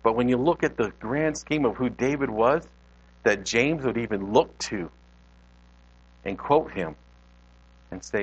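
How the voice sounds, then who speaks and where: A man's voice: fairly low pitch, takes it slowly. A male pastor giving a conversational sermon in a church, talking directly to his congregation, in a dull lo-fi recording.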